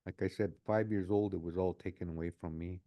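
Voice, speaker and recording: A man's voice: sits low, steady tone, fairly quick, dark tone. A man in his late sixties talking earnestly in an interview as a community advocate, often repeating his phrases. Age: 60s. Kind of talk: reflective interview talk.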